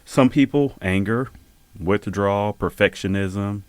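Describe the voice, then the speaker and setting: A man's voice: on the low side, a little slow, clean tone, no echo. A man hosting a podcast chat, guiding the talk and putting questions to the others with easy laughs. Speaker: podcast host.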